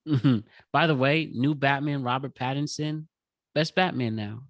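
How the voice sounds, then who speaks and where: A man hosting a podcast, talking calmly and encouraging his guest. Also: mid-range voice, a little slow, no room sound. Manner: calm, encouraging. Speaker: podcast host. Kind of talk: casual interview chat.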